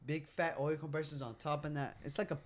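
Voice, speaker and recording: A man in his twenties, co-hosting a podcast in a small room, tells stories with lots of swearing and animated bursts. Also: on the high side, fairly quick, a loud crowd. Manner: animated storyteller, heavy swearing. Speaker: podcast co-host. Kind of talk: casual chat. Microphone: podcast mic at a table.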